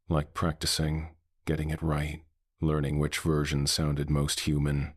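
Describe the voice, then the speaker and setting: A man narrating a horror story in a measured, hushed, ominous way. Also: a bass voice, completely flat delivery, no echo, studio quality.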